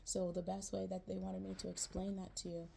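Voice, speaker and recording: A woman's voice: medium pitch, level tone, brisk, gravelly, mellow, slight background noise. A woman giving a casual tarot reading to her viewers, chatty and slangy, checking in with "right?" again and again. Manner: chatty, repeats "right?" and "you know", slangy "man" and "yo". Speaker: tarot reader. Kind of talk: casual spiritual reading to camera.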